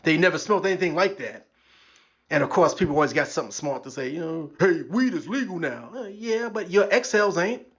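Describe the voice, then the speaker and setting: A man delivers a stand-up style rant in a high-set voice. He stays wry and sarcastic throughout, breaking into quick impressions of the people he mocks. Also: animated, a bit bright. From New York. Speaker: podcast host.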